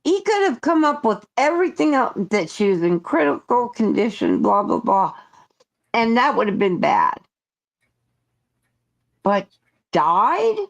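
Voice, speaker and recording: A woman's voice: a little high, huge pitch swings, measured pace, gravelly, pauses often. A woman co-hosting a casual livestream chat, talking in an earnest, indignant way. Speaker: co-host.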